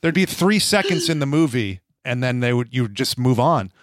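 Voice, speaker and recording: Male podcast host, casual and rambling, animated pitch, middle register. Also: moderate pace, no room sound, studio quality. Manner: chatty, rambling, jokey. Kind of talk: casual chat.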